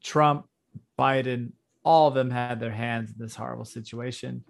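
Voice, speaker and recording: A man's voice: medium pitch, fairly even intonation, normal speed, gravelly. A young man co-hosting a podcast in casual political chat, blunt and swearing, laughing often. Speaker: podcast co-host.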